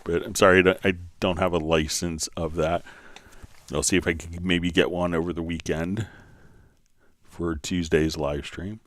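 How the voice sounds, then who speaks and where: A man hosting a live software tutorial, answering viewer questions and thinking aloud as he clicks through menus. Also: sits low, little pitch movement, a little slow, dry recording. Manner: thinking aloud, many fillers.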